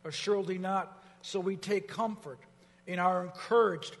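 A male pastor delivers a sermon in a high, bright-sounding voice, stacking repeated promises with growing fervor. Casual asides come between the declarations. His voice rings out with a long hall reverb. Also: moderate pace, vocal fry. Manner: preaching with rising fervor, repetition.

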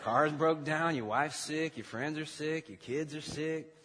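A man voicing a mocking male devil who taunts in a low, sneering tone. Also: a little slow, a bit bright, long reverb tail, slight background noise. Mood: taunting.

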